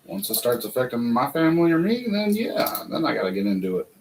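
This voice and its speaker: American man, host, rambling casual chat, mid-pitched voice. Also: big pitch swings, fast talker, creaky, background noise. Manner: rambling, chatty, laughs often.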